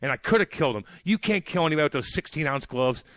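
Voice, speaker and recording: A man on sports radio, ranting in a heated, rambling way with casual swearing. His voice sits a bit high and sounds dry and close in a studio. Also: lively intonation, fast talker, a bit bright, dry recording. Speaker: sports radio co-host, former hockey player.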